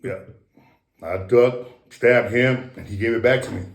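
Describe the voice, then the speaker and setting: A man's voice: medium pitch, measured pace, reverberant, very noisy. A middle-aged man telling boastful, profane stories in a casual interview. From Samoan American. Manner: profane, boastful, animated storytelling. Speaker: interview guest.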